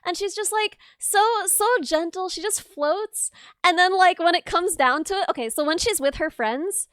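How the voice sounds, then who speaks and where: A woman from the American Midwest, hosting a casual chat stream and telling stories in a lively way. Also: very high voice, no room sound, studio quality. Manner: lively, quick to react and laugh. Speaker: streamer host.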